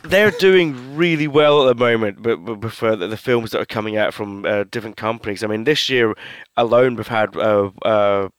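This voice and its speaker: A man's voice: fairly low pitch, normal speed, clear, resonant tone, dry recording. Man, podcast co-host, rambling casual film talk, dry close sound. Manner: rambling, swears freely, many fillers and restarts.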